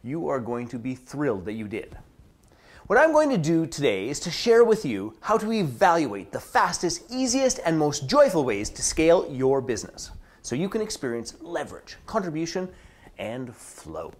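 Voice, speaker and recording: Animated speaker with a lively pitch. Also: moderate pace. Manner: dramatic, drops into whispers for emphasis; acts out contrasting inner and outer voices. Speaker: business strategist. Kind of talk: scripted promotional address.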